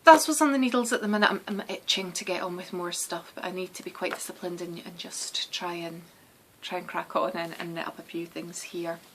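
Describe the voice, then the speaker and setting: Chatty Scottish woman, lowish voice. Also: fairly quick, few pauses, fairly bright tone, a little hiss or hum, low-quality recording. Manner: chatty and meandering, many restarts and ums. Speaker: knitting podcast host. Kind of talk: casual chat.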